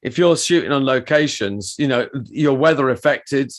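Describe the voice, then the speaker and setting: A man's voice: medium pitch, normal speed. A middle-aged man co-hosting a podcast, telling anecdotes in a casual, rambling way with many restarts. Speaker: podcast co-host and performer.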